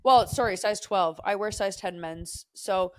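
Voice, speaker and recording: With a mid-range voice and an unhurried pace, a young woman co-hosts a podcast in studio quality with no echo. She chats casually, telling a rambling, profanity-filled story with lots of side tracks.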